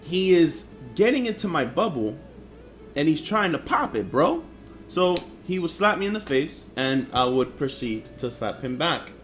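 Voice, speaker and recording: A man's voice: fairly high pitch, very animated, measured pace, fairly bright tone, soft background music. A young man who grew up in Harlem, telling personal stories in a blunt, profane, slangy vlog manner. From Harlem, New York. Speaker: vlogger. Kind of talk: casual storytelling vlog.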